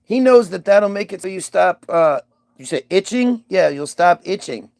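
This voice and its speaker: A sly, smooth-talking snake, as a man puts him on in a comic bit. His offhand, persuasive voice sits fairly high and gravelly, with a dry, close sound. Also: expressive, moderate pace, darkish tone, no echo. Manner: casual, persuasive.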